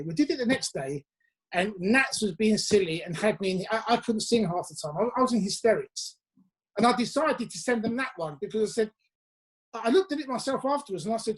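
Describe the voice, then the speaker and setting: A man from England, a musician guest, telling chatty anecdotes with quick asides over a video call from his home. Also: sits high, expressive. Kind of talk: casual interview chat.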